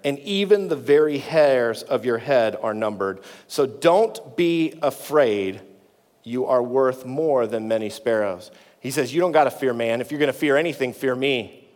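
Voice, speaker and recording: A man preaching a sermon in a conversational way, dropping low and quiet to reassure. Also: long reverb tail. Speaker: pastor.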